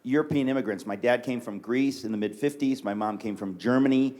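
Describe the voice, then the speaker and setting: A middle-aged man from New York City, a guest author in casual chat on a church stage, telling stories in a joking, animated way. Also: medium pitch, brisk. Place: church stage before an audience.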